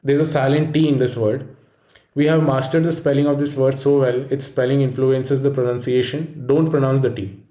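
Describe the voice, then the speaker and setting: A man giving a scripted pronunciation lesson in a measured, explanatory way. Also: mid-range voice, flat delivery, mellow, echoey room. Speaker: pronunciation teacher. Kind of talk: scripted instructional narration.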